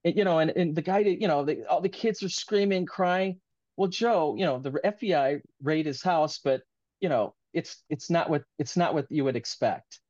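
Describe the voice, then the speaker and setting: A man's voice: a little high, normal speed, a little mellow, no echo, dull audio. A man being interviewed as an author, talking in an earnest, rambling, heartfelt way in casual conversation.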